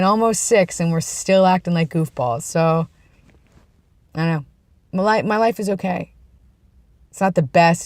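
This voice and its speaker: A young man, his voice on the high side, talks through a casual personal vlog while standing outdoors, about to enter a building. He comes across as earnest and rambling, repeatedly restarting what he says, with no room sound audible.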